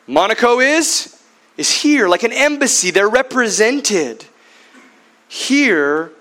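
A man's voice: fairly high pitch, fairly bright tone. A man preaching a teaching sermon, often asking his listeners questions and answering them himself. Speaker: Bible teacher.

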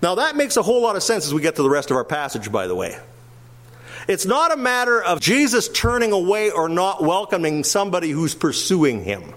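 Older guy preaching, pretty high voice, gets loud then drops soft, very animated. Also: a little fast. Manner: animated, swings between loud emphatic and soft asides. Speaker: pastor. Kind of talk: sermon.

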